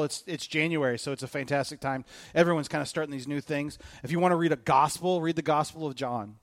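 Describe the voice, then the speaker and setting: A man preaching a sermon as pastor, telling stories with animated delivery and joking asides. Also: mid-range voice, no room sound. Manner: animated storytelling, jokey asides.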